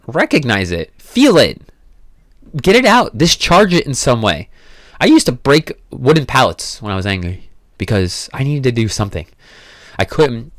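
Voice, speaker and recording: A man's voice: medium pitch, no room sound, clean studio sound. A man hosting a podcast, giving a blunt motivational monologue full of swearing and emphatic repeated phrases. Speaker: podcast host.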